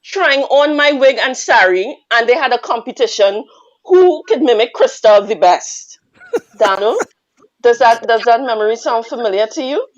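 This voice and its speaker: A Trinidadian woman guest telling a teasing, animated story with frequent laughter. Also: a little high, normal speed, dull audio. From Trinidad and Tobago. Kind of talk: casual storytelling on a radio call-in.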